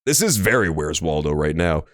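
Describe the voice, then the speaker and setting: Streaming a courtroom game, a young man gives rambling, crude, joking let's-play commentary. His bass voice is very animated and fairly bright in tone, at a normal speed. There's no room sound, and faint game music plays in the dry room.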